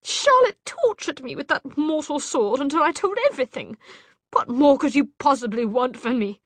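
A woman voicing a distraught, self-pitying young woman with a shrill, dramatic delivery. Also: big pitch swings, unhurried, mellow, no room sound, exaggerated voice. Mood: tearful.

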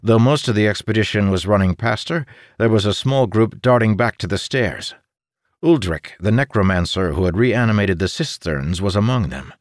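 A man reading a fantasy audiobook in a steady, measured scripted narration. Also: fairly low pitch, dry recording, clean studio sound.

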